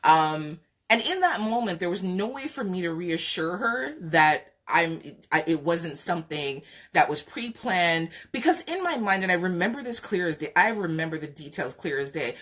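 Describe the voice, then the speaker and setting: A woman's voice: lowish voice, lively intonation, fairly bright tone. Frank, laughing woman podcast host. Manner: frank, laughing, drawn-out pauses. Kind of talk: candid storytelling on a live stream.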